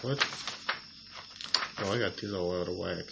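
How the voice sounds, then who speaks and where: A man co-hosting a casual sports rankings chat, reading long lists of names in a halting, methodical way. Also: sits low, vocal fry. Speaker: co-host. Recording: slightly dull audio, faint noise.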